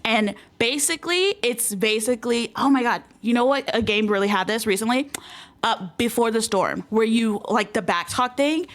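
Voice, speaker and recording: A young woman doing casual let's-play commentary, chatty and quick to swear and laugh. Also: a little high, a bit bright. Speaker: game streamer.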